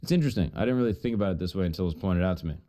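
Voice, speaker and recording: A man's voice: deep voice, animated, racing, mellow. A man streaming while he retells an old myth in a casual, profane, joking way, full of asides.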